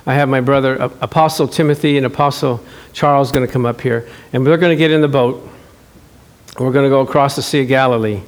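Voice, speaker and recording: A male pastor preaching, playful and animated, acting out scenes for his church. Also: medium pitch, quick pace. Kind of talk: sermon.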